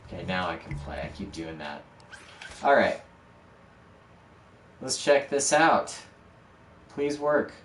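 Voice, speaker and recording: Slow and sing-song, a low-pitched male voice pauses often while he streams his game-making, mocking himself step by step. A dog barks in the room, and there's slight background noise, a roomy echo, and a mic set a bit far away.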